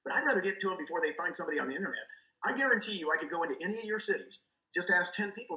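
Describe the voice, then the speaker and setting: A middle-aged man giving energetic coaching talk as a guest, acting out quoted dialogue as he goes. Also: high voice, quick pace, echoey room, lo-fi sound. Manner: animated, acts out quoted dialogue. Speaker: guest, real estate recruiter.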